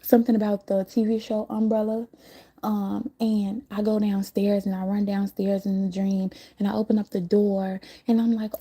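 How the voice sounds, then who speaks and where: Gravelly mellow woman rambling live. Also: medium pitch, little pitch movement, moderate pace. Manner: rambling, laughs often, swears freely. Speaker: livestream host recounting a dream. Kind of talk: casual livestream monologue.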